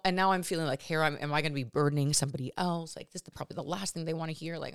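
A woman's voice: low voice, fairly even intonation, very fast, gravelly, few pauses, smooth, no room sound, studio quality. A woman hosting a podcast, telling a personal story in a rambling, candid way, full of fillers and self-corrections. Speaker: podcast host.

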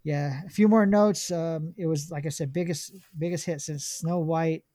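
A man's voice: fairly high pitch, fairly even intonation, moderate pace, warm tone, no room sound. A man hosting a casual podcast chat, reading film notes aloud with many ums and restarts. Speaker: podcast host.

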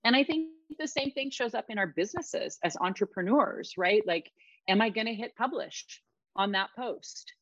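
A woman's voice: on the high side, animated, moderate pace, fairly bright tone, dry recording. Emphatic middle-aged woman, dull dry sound. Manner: emphatic, reflective, repeats words. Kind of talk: casual conversation.

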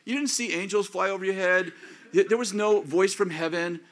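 A man of fifty or older preaching a sermon as pastor, acting out prayers and inner thoughts in an animated way. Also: high voice, moderate pace. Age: 50s or older.

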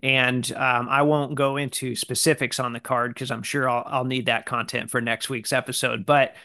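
A man hosting a podcast, talking in a relaxed, conversational way with frequent fillers. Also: mid-range voice, moderate pace, no room sound, studio quality. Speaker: podcast host. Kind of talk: casual podcast chat.

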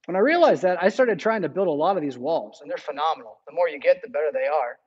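A male pastor preaching a sermon in an earnest manner that builds to fervent, near-shouting passages. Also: high-pitched, muffled recording.

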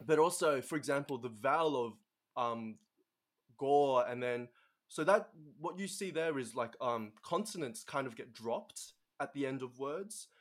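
A man's voice: mid-range voice, animated, a little slow. Man, young adult, from Australia, explanatory, chatty podcast guest, lots of um. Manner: explanatory, many fillers. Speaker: podcast guest, linguistics researcher. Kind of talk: casual podcast conversation.

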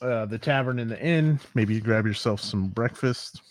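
A man's voice: mid-range voice, moderate pace, no echo, clean studio sound. Man narrating a tabletop game, hesitant. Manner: loose, hesitant, full of fillers. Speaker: game master.

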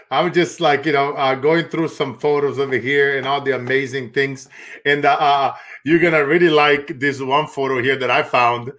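A man's voice: a little high, a bit bright. A man hosting a casual chat, talking in a hyped, preachy, exclamatory way. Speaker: host.

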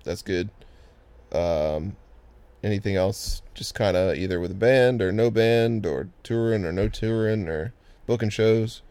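A man hosting a casual interview, asking relaxed questions and cracking jokes. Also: lowish voice, measured pace, clear, resonant tone, dry recording. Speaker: interview host.

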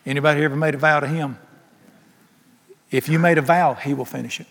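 A middle-aged preacher delivers an emphatic, folksy sermon, breaking into humorous asides. His voice sits a little high for a man. It rings with a long reverb, as in a large church hall. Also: fast talker.

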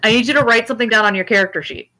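A woman's voice: on the high side, very fast, sharp tone. A woman narrating a tabletop game as game master, casual and rambling. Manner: casual, rambling with fillers, laughs easily.

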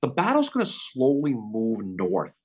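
A man hosting a podcast, telling a Civil War battle story in a casual, animated way. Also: mid-range voice, unhurried. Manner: animated, acts out quotes. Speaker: podcast host.

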